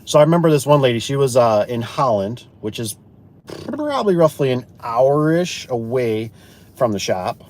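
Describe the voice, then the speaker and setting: A man talking straight to his viewers in a loose, folksy way, wandering from one work story to the next. His pitch sits in an ordinary middle range, and he slips into quick bits of dialogue as he tells a tale. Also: lively intonation, a little mellow. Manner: rambling, folksy, acts out both sides of conversations. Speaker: garage door installer and business owner.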